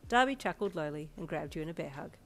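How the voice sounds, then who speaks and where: A woman with an Australian accent reading her fanfiction aloud in a casual, chatty, lively storytelling manner. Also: sits low, quick pace. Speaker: fanfiction narrator.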